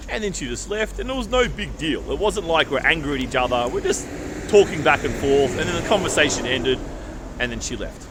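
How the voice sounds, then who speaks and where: A man's voice: on the high side, fairly quick. An Australian man vlogging outdoors, chatting casually and acting out conversations as he tells stories. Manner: animated storyteller who acts out conversations. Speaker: travel vlogger. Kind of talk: casual travel vlog monologue. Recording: street noise and passing traffic.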